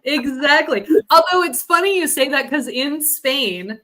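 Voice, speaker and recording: A woman co-hosts a podcast, chatting casually and telling stories while laughing often. Her voice sits high with lively intonation and a sharp tone, and she speaks a little slowly.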